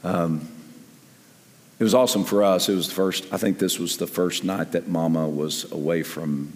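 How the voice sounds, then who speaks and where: An older man preaching a sermon in an animated way, dropping to near-whispers and then rising to loud emphasis. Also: low voice, normal speed. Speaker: pastor. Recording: echoey hall with long reverb.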